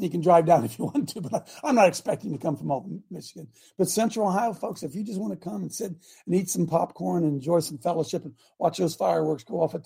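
A man's voice: fairly high pitch, vocal fry, dark tone, husky. A man hosting a radio show, preaching in an emphatic, rambling way with many asides.

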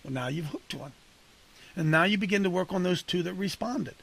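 A coach leading a men's ministry group speaks like a casual preacher, in a gravelly, somewhat husky voice that's a little high for a man and fairly bright. He's expressive and fairly quick, talking conversationally and punchily while addressing listeners by name.

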